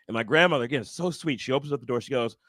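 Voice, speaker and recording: A man doing a stand-up comedy set on stage, animated and acting out other people's voices. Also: dry recording. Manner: animated, acts out other people's voices with big jumps in pitch. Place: comedy stage before a live audience.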